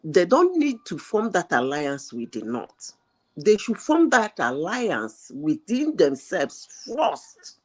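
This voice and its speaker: A woman arguing politics with scorn, pressing each point slowly and deliberately. Her voice is lowish for a woman and swoops widely in pitch as she pushes her case. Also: wildly swooping pitch, darkish tone, breathy edge. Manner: emphatic, scornful. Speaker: panelist. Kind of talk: heated political discussion.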